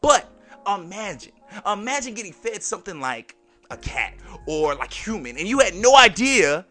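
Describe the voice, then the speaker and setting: A man hosting a podcast and telling a personal story in a lively, slangy way, talking straight to his listeners. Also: high voice, moderate pace, soft background music. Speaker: podcast host.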